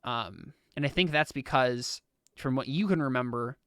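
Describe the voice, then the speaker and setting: A man's voice: medium pitch, moderate pace, fairly bright tone, smooth, dry recording, studio quality. A young man running a tabletop game as game master, explaining the lore in a rambling way with lots of restarts.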